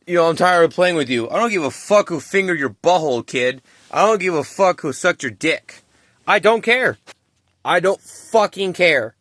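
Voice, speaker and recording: A young man in his late twenties rants heatedly straight to camera, swearing and circling back over the same points. His voice sits a bit high for a man and comes out sharp and forceful. The recording is close and dry. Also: dry recording. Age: 20s. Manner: heated, profane, repeats himself. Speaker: vlogger. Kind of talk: angry ranting commentary to camera.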